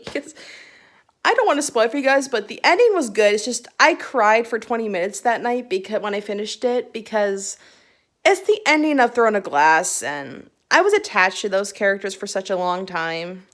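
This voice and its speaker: A woman's voice: mid-range voice, animated, normal speed. A young woman chatting casually to her phone camera about books she read, giggly and rambling with restarts. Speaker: book vlogger. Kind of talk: casual book chat to camera.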